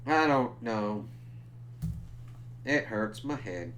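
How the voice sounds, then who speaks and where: A man giving a casual, profane review of a TV episode, ranting in exasperation and breaking into loud outbursts. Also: on the low side, lively intonation, extremely slow, a little hiss or hum.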